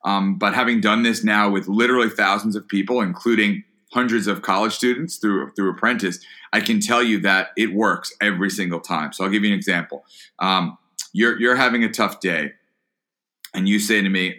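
A man's voice: lowish voice, normal speed, bright, forceful tone. A man being interviewed about leadership and listening, talking earnestly and often repeating words as he starts a phrase. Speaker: guest, entrepreneur and author. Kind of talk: podcast interview answer.

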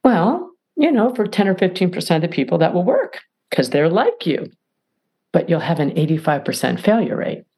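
A woman author as a podcast guest, talking in an emphatic, animated way and acting out little dialogues. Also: on the low side, normal speed, husky. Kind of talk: podcast interview.

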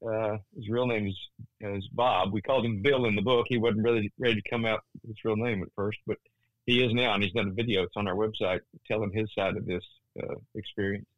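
A man's voice: on the low side, brisk, dry recording. Older guy in his 60s telling his story on an interview, earnest, lots of restarts, kinda muffled lo-fi sound. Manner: animated, many restarts, voice rising in tense moments. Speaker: guest, Christian author.

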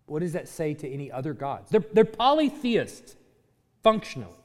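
A man teaching a class, speaking in an animated way, chuckling often and restarting his sentences. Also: fairly high pitch, moderate pace. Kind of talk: class lecture. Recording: hall reverb.

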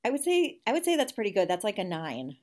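A woman's voice: mid-range voice, big pitch swings, fast, a little mellow. A woman in her forties, a guest in an interview, speaking in a reflective, candid way with frequent restarts. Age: 40s. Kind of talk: conversational interview.

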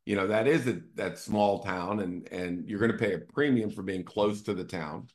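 A man's voice: on the low side, moderate pace. A man hosting a casual real estate talk, walking through charts and checking in with "right?" as he explains. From Northern Virginia area. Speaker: real estate team CEO and show host.

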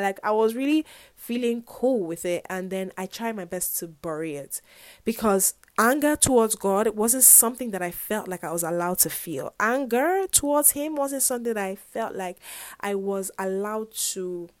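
A university student in her twenties talks about her faith in a casual vlog, her medium-pitched voice moving at a moderate pace in a dry recording. She's earnest and reflective, rambling in a confessional way and saying "like" and "whatnot" a lot.

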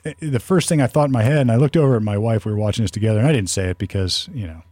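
A man's voice: lowish voice, rapid-fire, dark tone, dry recording, studio quality. A man chatting casually as a podcast co-host, rambling with many restarts and fillers. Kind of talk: casual conversational talk.

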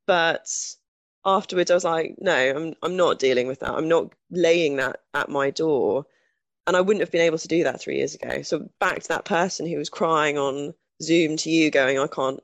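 A woman's voice: low-pitched, no echo. A woman guest speaking candidly in a conversational interview, chatty and self-deprecating, restarting her sentences often.

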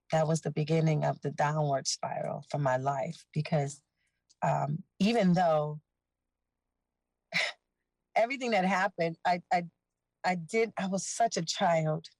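A woman's voice: sits low, slow pace, vocal fry, long pauses, dry recording, low-quality recording. A woman guest earnestly telling her own life story in an interview, plainly and openly. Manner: earnest, animated retelling, voicing others in dialogue.

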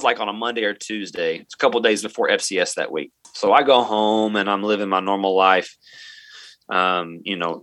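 A fairly low-pitched man with a bright, forceful tone tells a story from his teaching work as an interview guest. He speaks earnestly and keeps quoting himself and others along the way. The recording is dry and close. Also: dry recording. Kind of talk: personal story in a podcast interview.

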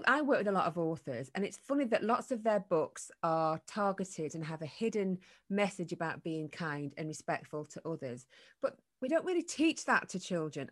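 A woman from the UK hosts a relaxed interview. Her voice is a touch lower than most. She keeps the talk moving with agreeable, encouraging remarks. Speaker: host. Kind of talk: casual interview.

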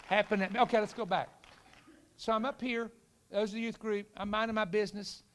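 A middle-aged man delivers a storytelling sermon in a high voice. He acts out the people he quotes, rising into sudden shouts on the punchlines. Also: fairly even intonation, a little fast, a faint crowd, slight background noise. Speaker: preacher.

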